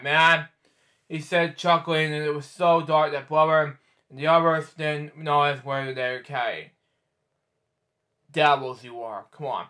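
A man's voice: fairly high pitch, steady tone, measured pace, pushed and bright. A man reading a picture book aloud, stumbling over words and breaking off into rambling side comments. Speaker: storyteller host.

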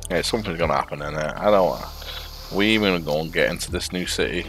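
A man's voice: low voice, steady tone, fairly quick, a bit bright, soft background music. A man doing casual gameplay commentary, muttering to himself and repeating words as he plays at his computer.

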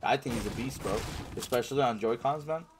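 A man's voice: mid-range voice, brisk, noisy background. A male livestreamer casually reading viewer chat aloud and answering it while he plays, in a slangy way. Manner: reads viewer chat aloud and answers, slangy, says "bro" and "man" often.

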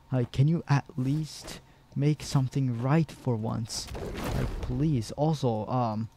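A man's voice: mid-range voice, mellow, a little hiss or hum. Young man ranting over gameplay. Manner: frustrated, rambling, many fillers and restarts. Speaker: gaming video creator.

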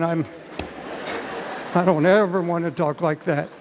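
An older man preaching a sermon as a pastor, earnest and halting, often restarting his words. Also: a little high, steady tone, background noise. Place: large church. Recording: church hall reverb.

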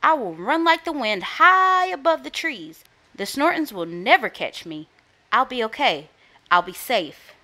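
A woman's voice: sits high, sing-song, unhurried, pushed and bright, pitched above the performer's own voice, full character voice. A woman doing a timid, hopeful little rabbit boy.

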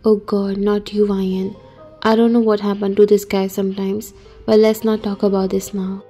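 Doting young husband and boss read by a woman, soft, mellow, storybook reading. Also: mid-range voice, little pitch movement, moderate pace, soft background music, lightly acted. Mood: affectionate. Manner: soft, affectionate.

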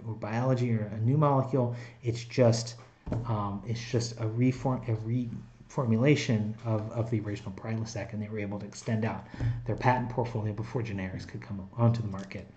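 A man's voice: medium pitch, warm tone, muffled recording. A man teaching a recorded chemistry lecture in a conversational way, with frequent fillers and restarts. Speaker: chemistry instructor.

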